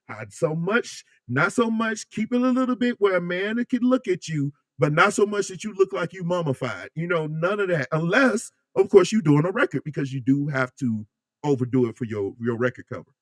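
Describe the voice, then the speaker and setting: A man hosting a casual livestream, chatting loosely with his viewers and reading their comments, animated and joking with plenty of slang. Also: high voice, normal speed, no room sound, clean studio sound. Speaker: livestream host.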